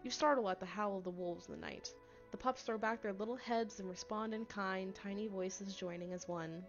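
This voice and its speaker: A woman's voice: medium pitch, moderate pace. Wry joking woman streaming a game. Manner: wry, joking asides, reads chat aloud. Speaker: streamer playing a story game. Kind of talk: casual commentary with reading aloud. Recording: slightly dull lo-fi audio, faint music.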